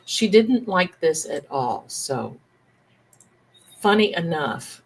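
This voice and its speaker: A middle-aged woman hosting a livestream, telling a family story in a chatty, animated way and acting out the relatives she quotes. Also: on the low side, slow pace, breathy edge, poor audio. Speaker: livestream host, tarot reader.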